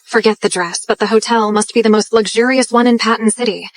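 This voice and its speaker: A woman's voice: on the high side, fairly even intonation, a little fast, no echo, close to an everyday voice. An actress playing an arrogant young woman posing as a rich heiress, imperious and scornful, in an English drama dub.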